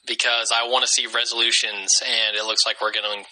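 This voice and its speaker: A man co-hosting a podcast in casual chat, quick to laugh and chime in. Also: mid-range voice, little pitch movement, pushed and bright, low-quality recording. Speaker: podcast co-host.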